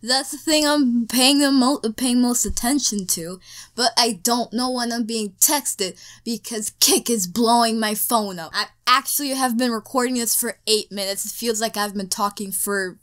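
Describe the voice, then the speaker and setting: At home in her bedroom, a teen girl who makes speedpaint videos chats loosely to a desk mic as she paints, drifting from topic to topic and letting sentences trail off. She speaks at normal speed in a fairly high, fairly bright voice.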